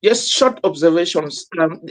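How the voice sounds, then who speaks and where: A man, a professor, giving analytical commentary, halting with many fillers. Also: on the high side, expressive. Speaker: professor, panel guest.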